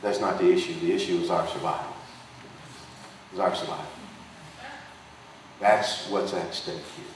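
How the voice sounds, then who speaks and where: A man with a lowish voice preaches an impassioned political sermon, hammering his points with repetition and a rising preacher's rhythm. He is picked up from a distance in a very echoey dinner hall. Faint noise hums under his voice. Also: fairly even intonation, normal speed, long pauses. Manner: emphatic preaching cadence with repetition. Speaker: pastor and congressional candidate.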